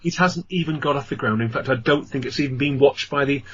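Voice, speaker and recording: A man's voice: mid-range voice, fast talker, a crowd in the background. A man with an English accent, a ghost tour guide, telling long rambling stories as a radio guest, with many fillers. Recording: dull lo-fi radio audio.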